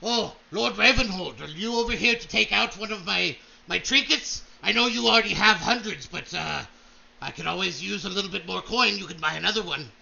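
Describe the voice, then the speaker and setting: Man voicing a boastful dwarf trader, booming and high, a gravelly voice on a dull recording. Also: brisk, pushed and bright, exaggerated voice. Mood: hawking. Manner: booming, pushy hawker. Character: loud boastful male dwarf merchant smith.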